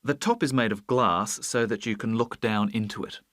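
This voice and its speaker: A man's voice: on the low side, normal speed, fairly bright tone, no echo, close to an everyday voice. An earnest young design student played by a man in a scripted listening test, explaining his idea step by step. The recording is dry and close.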